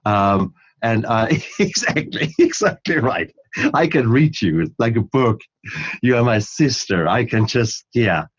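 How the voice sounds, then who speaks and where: A man hosting an interview, asking slow, probing questions. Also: mid-range voice, expressive, breathy edge. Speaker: host. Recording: dull lo-fi audio.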